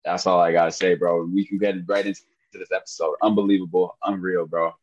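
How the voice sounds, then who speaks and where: A podcast co-host with a somewhat low, darkish voice talks a little fast and with little pitch movement in a casual sports chat. He's emotional and rambling, stumbling and repeating himself, and the audio sounds dull and lo-fi.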